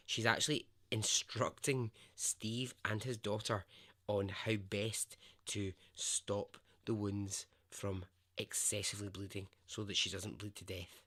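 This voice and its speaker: A man's voice: lowish voice, fairly even intonation, unhurried, sharp tone. A man hosting a podcast, telling a true story in a conversational, emphatic way and swearing freely. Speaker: podcast host.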